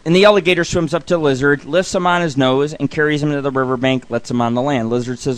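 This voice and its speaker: A man's voice: fairly high pitch, a little fast, few pauses, clear, resonant tone, no echo. Man, middle-aged, radio host, casual joking monologue, swears freely, dry recording. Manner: loose, joking, swearing, reads lists and jokes aloud.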